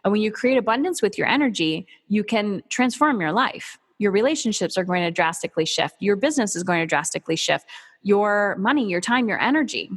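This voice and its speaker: A woman's voice: medium pitch, lively intonation, brisk. Woman, motivational speaker, emphatic and punchy, casual swearing, reverberant hall sound. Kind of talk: motivational talk.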